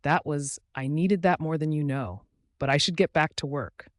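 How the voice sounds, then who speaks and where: A grieving young waitress who once lived for the violin, voiced plainly by a man. She speaks softly and hesitantly, tired and resigned. The sound is dry and close. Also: fairly high pitch, moderate pace, no room sound, natural voice. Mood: sad, resigned.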